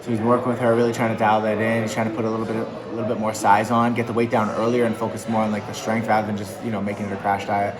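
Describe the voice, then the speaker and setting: A man's voice: lowish voice, monotone, rapid-fire, hardly any pauses, crowd noise, rough recording. A man who coaches MMA, talking casually and upbeat in an interview, with lots of fillers. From New England.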